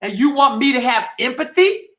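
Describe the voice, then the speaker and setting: A man's voice: extremely high pitch, lively intonation, moderate pace, bright, forceful tone, reverberant. A man hosting a livestream, delivering an impassioned, heated monologue full of profanity and emphatic repetition. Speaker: livestream host.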